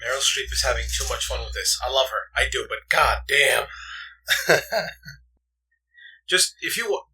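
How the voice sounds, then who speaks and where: A man co-hosting a casual movie podcast, animated, laughing often and swearing freely. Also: medium pitch, moderate pace, long pauses, far from the mic, poor audio. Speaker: podcast co-host. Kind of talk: casual chat.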